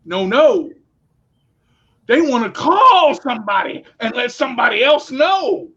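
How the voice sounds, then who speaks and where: A man co-hosting a casual talk show, telling stories in a blunt, animated way and swearing freely. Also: very high voice, unhurried, breathy edge. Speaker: podcast co-host. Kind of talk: casual storytelling chat. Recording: dull lo-fi recording.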